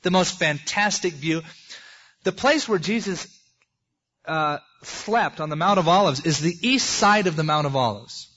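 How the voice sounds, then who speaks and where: A male pastor delivers an expository sermon, his voice sitting a bit higher than most men's. He keeps it chatty and acts out the quoted lines himself. The recording is muffled and lo-fi. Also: expressive, measured pace, a bit bright. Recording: dull lo-fi recording.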